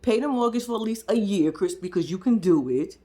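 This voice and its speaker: Lively animated woman recapping reality TV. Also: mid-range voice, fairly quick. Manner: animated, laughs often, talks back to the people on screen. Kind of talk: casual reality show recap commentary.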